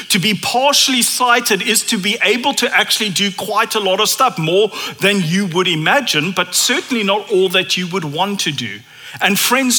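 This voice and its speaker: A man preaching a conversational, animated sermon in a church. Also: sits high.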